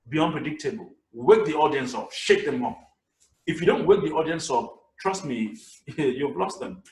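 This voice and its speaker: A man giving a lively public speaking lesson in a webinar, swinging between loud bursts and whispers. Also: fairly high pitch, normal speed. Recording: echoey room, somewhat distant mic.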